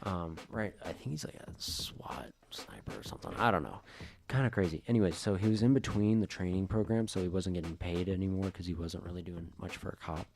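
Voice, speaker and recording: A young man chatting on a podcast, spinning a story in a loose, rambling way with plenty of filler words. His voice sits low and sounds mellow and soft-edged, with a faint hiss behind it. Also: fast. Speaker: podcast co-host. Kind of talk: casual chat.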